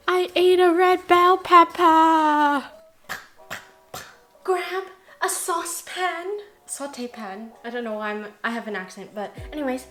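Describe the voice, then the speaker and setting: Woman, cooking host, bright high voice, joking and playful, light music underneath. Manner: playful and jokey, with sing-song asides. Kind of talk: casual cooking narration.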